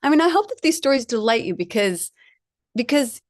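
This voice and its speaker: Speaking fairly quickly in a fairly high voice, a middle-aged woman delivers a spiritual talk as a guest speaker. She is chatty and laughs a lot while telling lively personal stories, and the sound is dry and clean, studio-grade.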